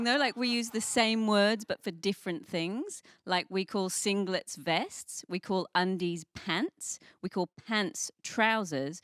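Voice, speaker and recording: A woman from England with an English accent doing a stand-up set, with wry, quick observational delivery. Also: mid-range voice, a bit bright. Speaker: stand-up comedian. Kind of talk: stand-up comedy.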